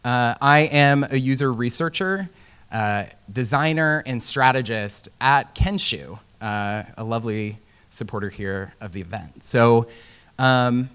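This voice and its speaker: A man's voice: mid-range voice, unhurried, a bit bright, clear, resonant tone. A young man from Indiana giving a casual, joking conference talk with many fillers. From Indiana, USA. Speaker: conference speaker. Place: conference hall.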